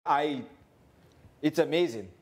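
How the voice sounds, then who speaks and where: A woman's voice: low voice, takes it slowly. A woman on a reality show, chatting casually and playfully with frequent giggles, recorded on a body mic indoors. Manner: giggly, playful, laughs between words. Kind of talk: casual chat.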